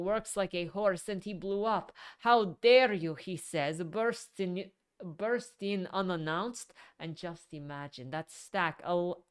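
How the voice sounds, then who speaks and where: A woman voicing a hysterical young female secretary, shrill, tearful and frantic, in a storybook reading. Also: smooth, close to an everyday voice.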